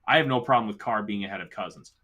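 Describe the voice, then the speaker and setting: A man's voice: lowish voice, racing, sharp tone. A man hosting a casual sports talk show, giving emphatic, opinionated takes with the hiccups. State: has the hiccups. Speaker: podcast host.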